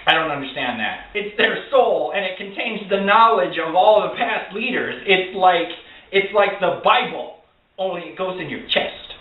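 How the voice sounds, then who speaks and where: A man ranting through a casual film review, sarcastic, profane and excitable. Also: high-pitched, normal speed. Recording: tinny, echoey, far from the mic.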